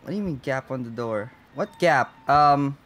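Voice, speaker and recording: A man's voice: mid-range voice, animated, moderate pace, fairly bright tone. A young man playing through a horror game, talking nervously to himself, swearing constantly and crying out when startled. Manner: jumpy, swears constantly, nervous self-talk. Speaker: gaming channel host. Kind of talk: horror game let's play commentary.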